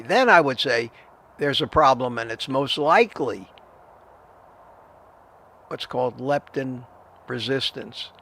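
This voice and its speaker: A man's voice: mid-range voice, lively intonation, slow pace, pauses often, a bit bright. An older man hosting a live stream, chatting casually, giving advice and greeting viewers by name. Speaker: livestream host answering viewer chat.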